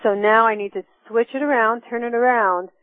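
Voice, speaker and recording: A woman's voice: on the high side, brisk, dry recording. Middle-aged woman teaching forgiveness step by step, earnest, tinny dry phone sound. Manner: earnest, reflective, speaks in steps. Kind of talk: teaching talk with personal examples.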